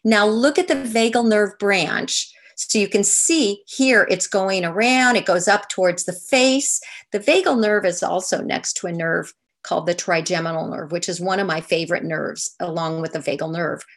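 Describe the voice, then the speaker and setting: An older woman giving an online lecture over slides, explaining in a soft, unhurried way. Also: mid-range voice. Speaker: movement teacher.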